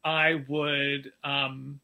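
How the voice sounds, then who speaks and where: A middle-aged man chatting as a podcast guest, animated and giggly, with rambling answers. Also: medium pitch, drawn-out words, gravelly. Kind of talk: casual interview chat.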